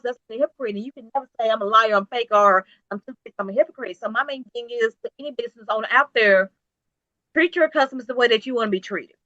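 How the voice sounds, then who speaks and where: A woman's voice: fairly high pitch, pushed and bright, dry recording, dull audio. A woman business owner talking in an interview, emphatic and preachy, with repetitive motivational phrasing. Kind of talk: casual interview talk.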